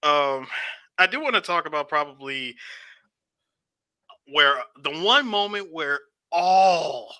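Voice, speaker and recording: A man hosting a podcast, animated, slowing down to retell a scene dramatically. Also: on the high side, no room sound. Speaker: podcast host. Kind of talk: casual chat.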